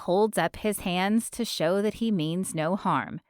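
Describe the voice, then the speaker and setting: A woman narrating a romance audiobook in the first person, expressive and storytelling. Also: mid-range voice, a little slow, few pauses, clear, resonant tone, dry recording, studio quality.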